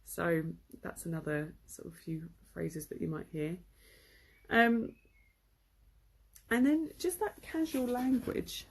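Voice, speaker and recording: A woman's voice: lowish voice, takes it slowly, husky. A woman giving a casual, chatty lesson, with lots of fillers. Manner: chatty, relaxed, full of fillers. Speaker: English teacher. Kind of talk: casual live-streamed lesson.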